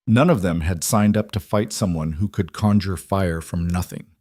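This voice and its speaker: A man narrating a fantasy romance audiobook in a steady storytelling way. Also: low voice, moderate pace, dry recording, studio quality.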